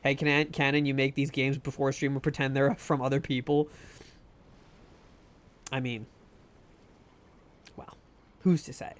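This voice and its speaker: Streaming a game live from home, a man talks casually with his viewers through a desk mic. His medium-pitched voice moves little in pitch, at a measured pace with long pauses, yet he's joking and self-deprecating and laughs often.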